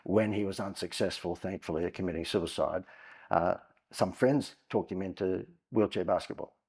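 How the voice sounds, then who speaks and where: A man's voice: low-pitched, normal speed, a little mellow, slightly rough. A man, a guest on a podcast, telling long anecdotes in a chatty way with frequent "uh" fillers. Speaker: guest entrepreneur. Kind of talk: conversational storytelling.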